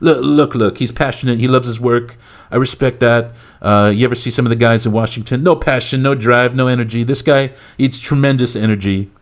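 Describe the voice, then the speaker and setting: A man doing a comic impression of a boastful, rambling male president, who talks loudly and piles on superlatives. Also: mid-range voice, steady tone, fairly quick, pitched above the performer's own voice, lightly acted. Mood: blustering. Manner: loud bragging, repetitive superlatives. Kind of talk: comic impression in a podcast skit.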